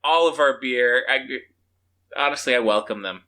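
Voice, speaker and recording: A man's voice: mid-range voice, moderate pace, pushed and bright, a little hiss or hum. A man on a comedy podcast riffing on jokes in a casual way and laughing through them.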